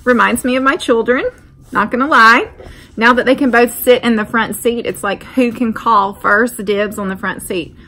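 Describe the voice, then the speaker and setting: Bright-voiced woman chatting on her porch. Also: a little high, steady tone, moderate pace. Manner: chatty, friendly, rambling asides. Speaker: vlogger. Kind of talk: casual chat. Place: outdoor porch.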